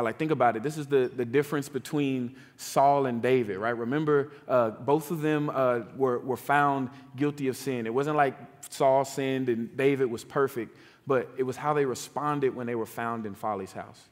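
A man preaching a sermon in a conversational way, often checking in with "right?" and "like". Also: mid-range voice. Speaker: pastor. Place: church sanctuary. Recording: long church hall reverb.

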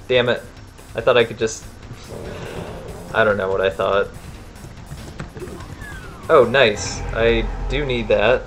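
A man's voice: fairly low pitch, fairly even intonation, takes it slowly, long pauses. A man casually commenting on his own game stream, often breaking into exasperated swearing when things go wrong. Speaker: gamer streaming a playthrough. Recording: game music and sounds behind.

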